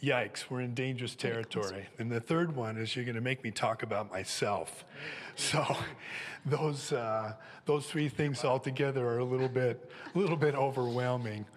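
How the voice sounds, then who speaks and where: A man's voice: medium pitch, normal speed. Man, 70s, from Southern California, humble, emotional, handheld mic, long hall reverb. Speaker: elder candidate. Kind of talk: personal testimony on stage. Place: church stage. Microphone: handheld microphone.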